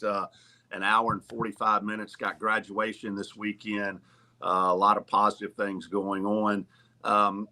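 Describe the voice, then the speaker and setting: Male podcast guest, college athletics official, low, bright voice, measured delivery. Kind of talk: casual sports talk.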